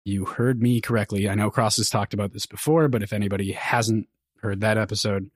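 A man's voice: fairly low pitch, fairly even intonation, fairly quick, no room sound, clean studio sound. Rambling, teasing male podcast co-host. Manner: rambling, teasing, chuckles mid-sentence. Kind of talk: casual chat.

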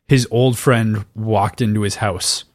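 A man's voice: fairly low pitch, steady tone, slow, dry recording, studio quality. A man co-hosting a casual book discussion, rambling and making wry jokes. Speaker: podcast co-host.

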